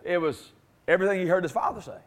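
A man's voice: sits high, quick pace. A man preaching a sermon with emphatic, repeated phrases and calls for the congregation to respond.

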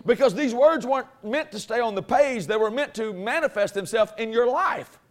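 Before a church congregation, a man with a very high voice delivers a sermon at a normal pace. He sounds expressive, keeping things folksy and conversational while his preaching grows more forceful.

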